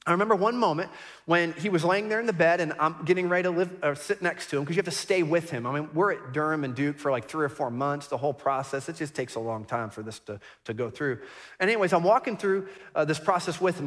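A middle-aged pastor preaches in a church sanctuary, telling a personal story earnestly and reflectively, often repeating and restarting his words. His voice is on the high side and fast, a bit bright, trailed by a long reverb tail.

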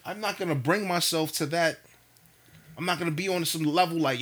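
A young man telling a story in casual chat, animated and profane, acting out what people said. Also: on the high side, brisk, breathy edge.

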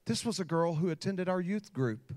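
A man's voice: sits high, expressive, normal speed, a little mellow. A man, a pastor, preaching a sermon and telling a personal story with growing intensity. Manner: storytelling with rising emotional intensity.

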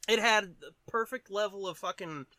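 A man with a fairly high voice co-hosts a podcast in loose, casual chat. He jokes, swears freely and laughs often. The sound is dry and close. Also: normal speed, sharp tone, dry recording. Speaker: podcast co-host.

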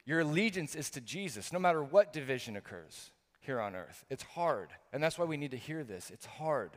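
A middle-aged man preaching a sermon as pastor, talking earnestly and emphatically with frequent restarts, swinging between loud bursts and quiet, low moments. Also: sing-song, moderate pace. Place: church hall. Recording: long hall reverb.

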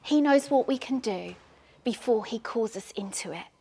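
A woman preaching a sermon in an earnest, repetitive cadence, at times sinking into hushed prayer. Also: a little high, animated, normal speed, gravelly, slightly rough. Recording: long hall reverb.

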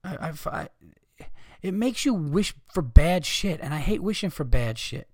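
A man's voice: fairly high pitch, animated, measured pace, a little mellow, no echo, clean studio sound. A man hosting his own podcast, ranting with heavy profanity and reading listener messages aloud. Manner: profane, rambling, fired-up ranting. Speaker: podcast host. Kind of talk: solo podcast rant, reading listener letters.

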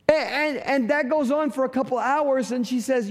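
A man's voice: very high voice, normal speed, hardly any pauses. A middle-aged male pastor preaching a sermon, telling a story with humor and acting out bits of dialogue. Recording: long hall reverb.

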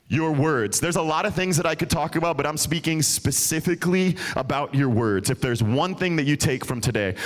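A man preaching a sermon at a church service, earnest and conversational, speaking straight to the congregation. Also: a little high. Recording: loud music under the voice.

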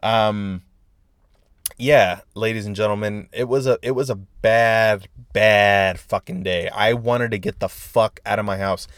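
A man's voice: lowish voice, steady tone, unhurried, fairly bright tone, clear, resonant tone, no room sound, clean studio sound. A man hosting a solo podcast, telling a long, rambling story about his day with lots of swearing and exasperation. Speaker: podcast host. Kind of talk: casual solo podcast rant.

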